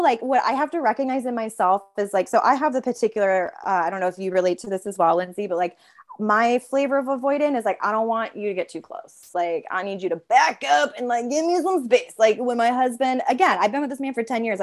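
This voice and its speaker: A woman therapist in easy, conversational talk, leaning on "like" at every turn. Her pitch sits at an ordinary middle. She slips into quick little voices for the parts of herself she describes. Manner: chatty, heavy use of filler "like". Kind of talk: casual interview conversation.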